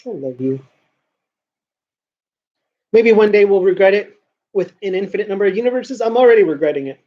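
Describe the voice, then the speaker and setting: A man's voice: high-pitched, animated, fairly quick, highs cut off. A man talking casually to camera in a rambling vlog monologue, often restarting and repeating words. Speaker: vlogger.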